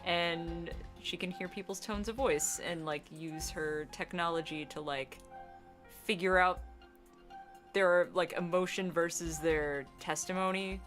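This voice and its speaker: A woman from the northern United States co-hosting a game stream, talking casually with quick, profane bursts and frequent laughter. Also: on the low side, fairly even intonation, a bit bright, faint music behind. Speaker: let's play streamer, co-host.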